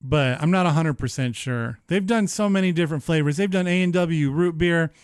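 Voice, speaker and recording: A man in his thirties hosting a live-streamed show, chatting casually in an animated, profane, rambling way. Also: a little high, a little fast, smooth, dry recording, clean studio sound. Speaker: livestream show host.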